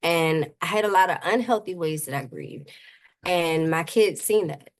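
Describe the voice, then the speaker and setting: A woman's voice: on the low side, a little slow. A middle-aged woman, a grief coach, talking earnestly about faith and loss in an interview, with many "you know"s. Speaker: grief coach and suicide prevention advocate, guest. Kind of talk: heartfelt conversational interview.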